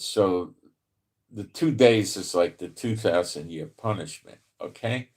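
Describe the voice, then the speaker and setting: Low slow new york guy doing bible prophecy talk, rambly, chuckles a lot, reads verses real deliberate. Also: expressive, darkish tone. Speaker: Bible prophecy channel host. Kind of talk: casual commentary with scripture reading. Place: home in Israel.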